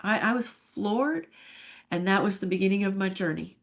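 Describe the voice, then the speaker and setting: A woman's voice: medium pitch, moderate pace. A woman in her fifties, a podcast guest, telling her personal faith story in an earnest, emotional way. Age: 50s. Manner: earnest and emotional, sighing and laughing at herself.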